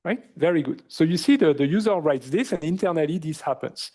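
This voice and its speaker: A male university lecturer with a French accent, explaining in a lively lecture and often asking the class questions, with many fillers. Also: on the high side, fairly quick, husky. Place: lecture hall.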